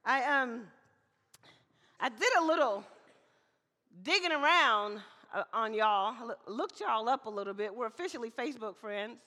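A woman from Mississippi preaching as a guest speaker, chatty and lively, often calling for amens, her voice slightly hoarse. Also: fairly high pitch, measured pace. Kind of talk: sermon. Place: church hall. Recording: church hall reverb.

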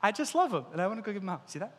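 A man's voice: high-pitched, racing. A male pastor preaching a sermon, telling a story and acting out its characters, in a hall with long reverb. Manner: animated storyteller, acts out characters.

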